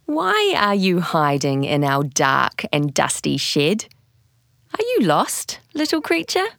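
A woman's voice: sits low, wildly swooping pitch, slow, vocal fry, fairly bright tone, no echo, clean studio sound, full character voice. A woman voicing an eager, helpful young boy in a storybook reading.

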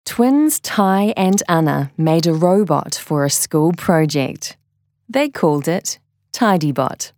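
Woman narrator for a children's storybook. Slow, measured, close and dry. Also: sits low, expressive, a little mellow, dry recording.

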